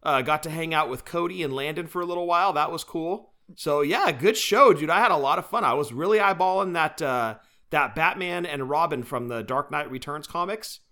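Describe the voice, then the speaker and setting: A man's voice: on the high side, brisk, hardly any pauses. A young man co-hosting a casual podcast, chatty and playful as he tells stories. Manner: chatty, playful, animated storyteller. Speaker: podcast co-host. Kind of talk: casual chat.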